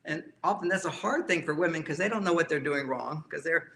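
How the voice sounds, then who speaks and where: A man's voice: on the high side, fairly quick, gravelly, fairly bright tone, a little hiss or hum. A man speaking as a relationship counselor, giving an emphatic talk to a live audience and often repeating key phrases.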